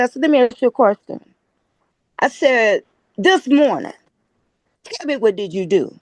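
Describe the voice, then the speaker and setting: A woman guest with a Chicago accent, telling a lively story and acting out the quoted dialogue. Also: on the high side, moderate pace, pauses often, no room sound. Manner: animated, acts out quoted dialogue. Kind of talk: casual storytelling.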